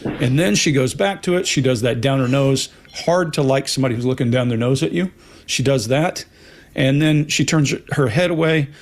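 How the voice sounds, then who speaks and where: A man's voice: medium pitch, moderate pace. A man with a Texan accent, a body language analyst, giving long-winded casual commentary on video clips.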